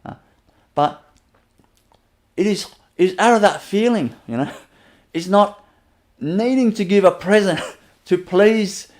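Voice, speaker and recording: A man giving a spiritual teacher's webinar talk, gently, chuckling often and repeating his phrases. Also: sits high, expressive, takes it slowly, pauses often.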